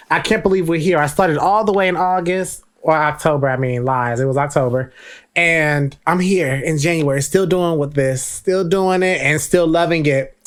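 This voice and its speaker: A man's voice: a little high, fairly bright tone. A young man talks straight to his listeners in a loose, casual solo podcast. He is chatty and playful, and he hypes himself up between the greetings. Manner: playful, chatty and self-hyping. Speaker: podcast host.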